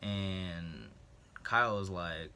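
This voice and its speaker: A man's voice: sits low, very slow, bright, forceful tone, a little hiss or hum. A young man in a casual storytime vlog, animatedly telling a story and acting out what others said. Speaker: vlogger.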